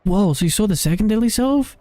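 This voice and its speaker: A man voicing a tiny, excitable female fairy companion in a high, chirpy voice that refers to itself by name. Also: brisk, no room sound, soft background music. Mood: excited. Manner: chirpy, high-pitched, speaks of herself by name.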